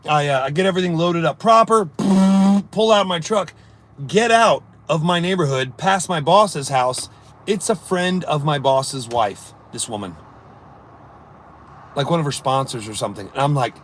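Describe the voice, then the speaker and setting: A man's voice: on the high side, measured pace, slight background noise. A man telling a long story on a casual live stream, acting out his own thoughts as he rambles through it. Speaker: livestreamer reading chat.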